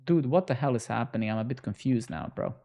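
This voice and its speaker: A man's voice: medium pitch, expressive, fast talker, vocal fry, warm tone. A young man live-coding on stream, bantering sarcastically and swearing at his chat as he works.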